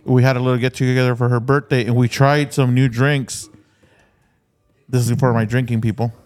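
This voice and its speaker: A middle-aged man swapping stories on a podcast. He talks loosely and swears freely. His delivery turns animated when he gets into a story. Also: mid-range voice, moderate pace. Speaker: podcast co-host. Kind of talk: casual chat.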